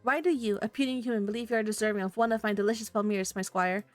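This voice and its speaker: A woman's voice: mid-range voice, steady tone, quick pace, faint music behind, natural voice. A woman voicing a haughty male knight who talks down to a human squire in formal, old-fashioned phrasing, as in a game read-aloud. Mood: condescending. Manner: formal, archaic, disdainful phrasing. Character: haughty, pompous male knight, cold and condescending.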